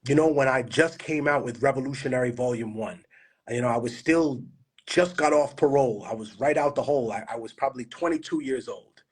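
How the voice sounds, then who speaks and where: A husky-voiced man speaks casually into a phone from his home studio. He tells stories in a loose, profane way. A poor connection makes his words slur at times. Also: mid-range voice, brisk. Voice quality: slurred at times from a bad connection. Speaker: livestream host. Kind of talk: casual livestream talk.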